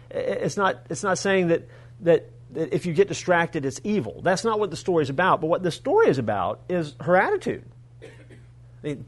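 With a high-pitched voice, a male pastor delivers a sermon, bringing a story to life animatedly and peppering it with humorous remarks to the congregation.

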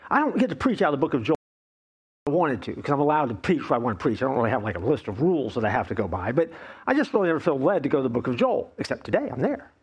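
A male pastor preaching a playful, animated sermon, acting out the voices of complaining people. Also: on the high side, husky.

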